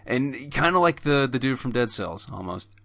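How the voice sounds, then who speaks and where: A man's voice: mid-range voice, big pitch swings, normal speed, creaky, pushed and bright, no room sound. A man with a mid-range voice joins a casual gaming podcast as co-host. The sound is close and dry, and he hunts for words with plenty of "like" and restarts. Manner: hesitant, full of "like" and restarts.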